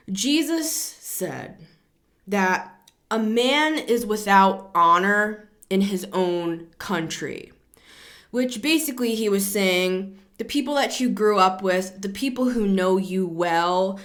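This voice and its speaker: Rambling woman giving a tarot reading. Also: fairly low pitch. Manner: rambling, repeats words, builds to excited emphasis. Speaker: tarot reader. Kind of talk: casual tarot reading talk.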